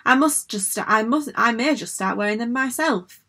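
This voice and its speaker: A woman's voice: fairly high pitch, moderate pace, sharp tone, husky, pitched above the performer's own voice, heavily acted. A woman voicing a strict, prim female school principal in a storybook reading, scolding in a proper tone.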